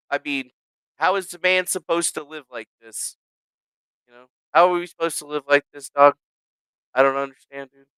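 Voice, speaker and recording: A man streaming from his home setup, ranting casually and profanely, swearing at his own software. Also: fairly high pitch, smooth, no room sound, studio quality. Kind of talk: casual livestream rant. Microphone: desk microphone with noise gate.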